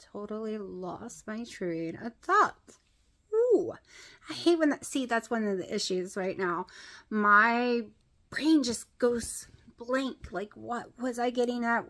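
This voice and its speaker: A woman chatting casually in a home vlog, rambling and bursting into excitement, filmed on a handheld camera. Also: mid-range voice. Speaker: vlogger. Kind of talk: casual chat.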